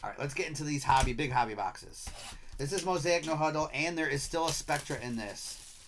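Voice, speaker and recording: A man's voice: fairly high pitch, animated, fairly quick, a bit bright. Man, Michigan accent, middle-aged, live card-break host, upbeat chatter, faint background hiss. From Michigan, USA. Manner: upbeat, chatty, rattles off player names. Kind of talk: casual live-stream patter.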